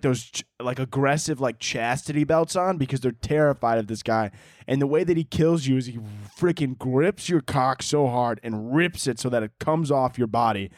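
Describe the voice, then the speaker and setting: Slightly high-voiced, the young man hosting his podcast alone is heard with studio quality and no echo. He delivers a casual, rambling comedic monologue, cursing, poking fun at himself and laughing a lot at what he says.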